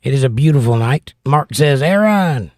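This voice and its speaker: A middle-aged man with a Southern accent hosts a livestream, reading viewer comments aloud and joking around in casual chat. His medium-pitched voice has a darkish tone and moderate pace, recorded in studio quality with no room sound.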